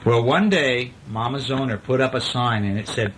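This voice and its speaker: A man's voice: mid-range voice, lively intonation, a little fast, hardly any pauses, background noise. A man reading a bedtime story aloud to a child, playful and sing-song, with chatty asides.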